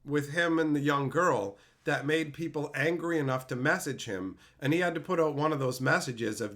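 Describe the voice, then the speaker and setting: A man's voice: medium pitch, fairly quick, hardly any pauses, fairly bright tone. A man streamer ranting in a profane, mocking way, mimicking people in silly voices. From Canada. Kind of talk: ranting commentary.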